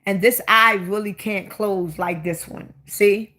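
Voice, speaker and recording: This is a livestream host, a woman past 25 with a Baltimore accent, talking casually on her own stream. She goes on bluntly and at length, frequently repeating questions for emphasis, in a steady, sharp, mid-range voice at a slow pace.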